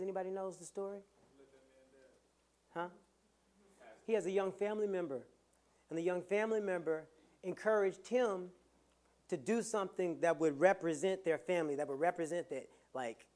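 A preacher giving a motivational sermon with playful humor, swinging from soft asides to loud, emphatic lines. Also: medium pitch.

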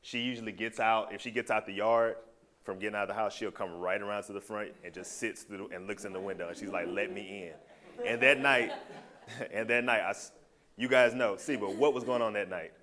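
Guy with a lower voice telling a personal story to a small group, animated and heartfelt, pretty conversational. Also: fairly quick, crowd noise. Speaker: speaker sharing a personal story.

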